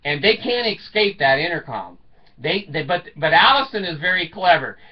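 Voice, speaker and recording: A man's voice: on the high side, very animated, moderate pace, breathy edge. A man in his seventies telling rambling comic stories, chuckling often and swearing casually. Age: 70s. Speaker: storyteller. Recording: dull lo-fi sound, distant from the mic.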